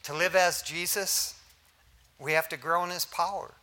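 An older man, a pastor, preaching a sermon in a lively, joking way to his congregation. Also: sits high, normal speed.

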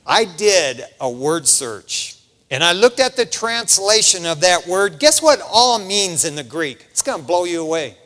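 Lively middle-aged male preacher in a reverberant hall. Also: high-pitched, a little slow. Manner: animated, conversational, peppers lines with "man". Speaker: pastor. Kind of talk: casual preaching sermon. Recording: long reverb of a large hall.

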